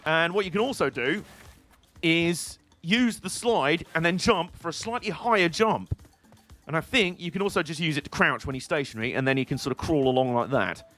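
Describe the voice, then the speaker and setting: A British man giving casual gameplay commentary with a rambling, irreverent sense of humour. His voice sits a little higher than most men's. Faint game music plays underneath. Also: expressive, normal speed, a bit bright. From Britain. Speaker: game streamer.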